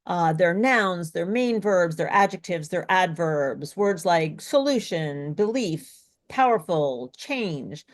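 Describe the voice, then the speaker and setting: A woman's voice: on the low side, lively intonation, slow. A woman leads a speech workshop over a video call, taking her time with each phrase. She encourages her listeners and often stops to check that they are following. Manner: encouraging, asks checking questions. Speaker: speech coach, co-host of webinar. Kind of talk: live online workshop presenting.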